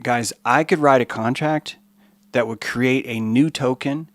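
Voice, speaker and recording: Animated swearing man ranting. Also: mid-range voice, measured pace, no echo. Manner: animated, profane, rambling. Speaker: podcast host. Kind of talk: monologue podcast rant.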